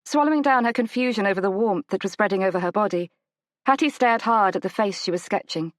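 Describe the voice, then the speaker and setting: A woman narrating a romance audiobook in a measured, gentle storytelling manner. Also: no room sound. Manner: measured, gentle storytelling, lifts pitch for the heroine's lines. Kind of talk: scripted narration of a romance novel.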